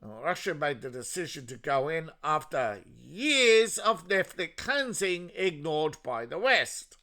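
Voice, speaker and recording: Here an Australian political commentary host rants alone, slow and sarcastic, his bright and forceful voice leaping widely in pitch as he mocks his targets. He sounds a touch high for a man and is very animated throughout.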